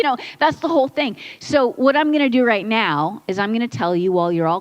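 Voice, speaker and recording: A woman's voice: fairly high pitch, a little fast, few pauses, lo-fi sound. A woman pastor preaching a conversational sermon in a church, building points through repetition and quoted asides. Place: church sanctuary.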